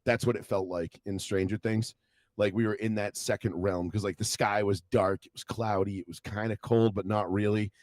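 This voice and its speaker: A man's voice: on the low side, normal speed, no echo. Rambling, swearing young man telling stories. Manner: rambling storytelling, heavy swearing, animated quoted voices. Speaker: podcast co-host. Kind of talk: casual chat.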